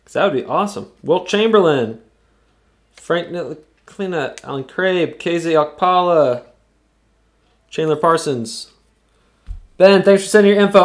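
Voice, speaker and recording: Card break host, male, fairly high voice, excitable, loud whoops at big hits. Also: a little slow, long pauses. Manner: reads player names off cards. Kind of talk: live card break commentary.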